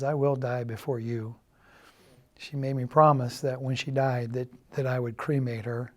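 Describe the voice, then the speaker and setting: A middle-aged man tells a personal story of loss at a church gathering. He speaks quietly and haltingly, stops often, and quotes what others said. His voice is heavy with emotion and breaks at times. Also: mid-range voice. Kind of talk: personal testimony.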